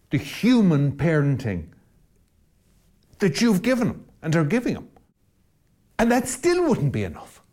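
Impassioned priest, very animated pitch. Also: male voice. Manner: rhetorical, preacherly, repeats phrases for emphasis. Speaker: Catholic priest, podcast host. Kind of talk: impassioned podcast argument.

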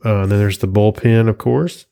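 A man chats casually on his solo podcast in a slightly low voice. He rambles from one thing to the next, reading captions aloud and chuckling to himself as he goes. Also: steady tone, moderate pace, vocal fry, mellow, smooth. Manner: rambling, chuckling, reads captions aloud while flipping pages. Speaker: podcast host.

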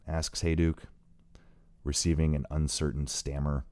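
A male narrator with an extremely low voice reads an audiobook in an even, steady way, pausing to fix the odd slip. The recording is close and dead dry. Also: no echo. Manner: steady reading with occasional slips and self-corrections.

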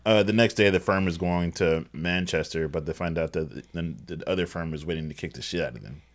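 A man with a very low voice co-hosting a film recap. He retells the plot in a dry, halting way and stumbles over his openings. His delivery stays understated. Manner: halting, dry, narrates plot with hesitant restarts. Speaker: podcast co-host. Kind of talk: casual movie recap chat.

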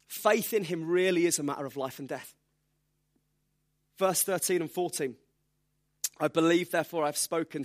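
Man, preacher, sermon, high-pitched, lively self-mocking storytelling.

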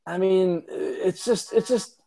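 Slightly high-voiced guy, tipsy, swearing a lot, stumbling over his words. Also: slow pace, mellow. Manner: rambling, profane, stammering restarts. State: tipsy from drinking. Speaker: podcast co-host. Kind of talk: casual sports chat.

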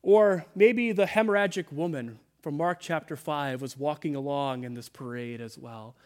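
A male pastor delivering a sermon in a church, his voice sitting a little higher than most men's. He speaks earnestly and drops to a soft, slow hush whenever he quotes someone. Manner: earnest preaching, dropping soft on quoted words. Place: church sanctuary.

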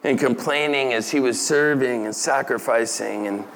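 A man's voice: medium pitch, normal speed, gravelly, a bit bright, slight background noise. A middle-aged man preaching a sermon, talking casually and asking the audience questions. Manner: conversational, asks the audience questions, laughs lightly. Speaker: pastor.

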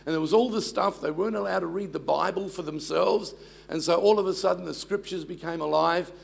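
Gravelly-voiced pastor in his sixties. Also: high voice, brisk. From Australia. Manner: warm storytelling with self-deprecating humor. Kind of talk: sermon.

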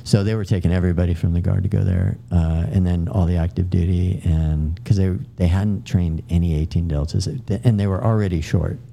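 A middle-aged man with a low, gravelly voice spins a casual anecdote from his service days. His tone is very dark and mellow, and he talks in loose runs full of fillers and self-corrections. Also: fairly even intonation, fairly quick, hardly any pauses. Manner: rambling anecdotes with frequent fillers and restarts. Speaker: podcast guest, military veteran. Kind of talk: casual storytelling.

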